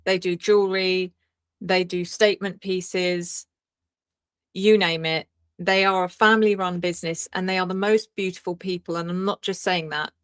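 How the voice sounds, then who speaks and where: Excitable woman chatting on a live stream, smooth clear voice, dry close sound. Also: fairly low pitch, no echo. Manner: chatty and excitable, laughs often, greets viewers by name. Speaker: tarot reader hosting a live stream. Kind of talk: casual live-stream chat.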